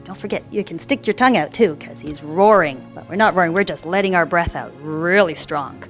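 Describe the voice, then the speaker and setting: A woman instructor gently guiding children through a yoga class with encouraging, sing-song cues. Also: lowish voice, a little fast, faint music behind.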